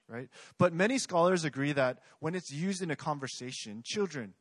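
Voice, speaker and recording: A man's voice: on the high side, lively intonation, a little fast, hardly any pauses, dry recording. A young man preaching a sermon in a conversational way, often asking the congregation questions. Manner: conversational, asks the audience questions.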